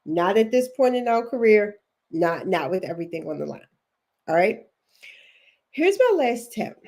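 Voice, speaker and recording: A woman with a Baltimore accent talks straight to her livestream viewers at a desk mic. She is a chatty, encouraging career coach who breaks off now and then to read comments aloud. Her pitch sits in an ordinary middle range. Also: very animated, normal speed, darkish tone.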